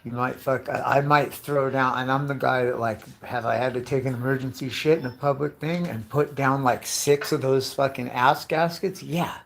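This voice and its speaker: A gravelly, slightly bright mid-range voice belongs to a man in his fifties doing a rambling comedy monologue. He speaks at normal speed with fairly even intonation and few pauses, cursing, asking rhetorical questions, and calling people dude and bro.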